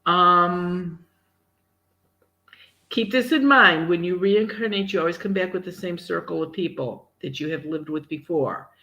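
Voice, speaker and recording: Woman co-host, medium type, animated storyteller who slips into character voices. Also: fairly low pitch, measured pace, highs cut off. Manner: animated, acts out voices in her stories. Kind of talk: casual chat answering viewer questions.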